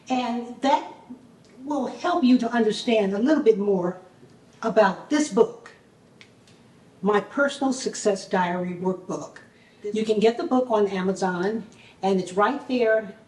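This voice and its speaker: A woman's voice: mid-range voice, warm tone. A woman hosting her own talk show, upbeat and thankful, with a touch of preacherly fervor. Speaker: host. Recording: echoey room, distant mic.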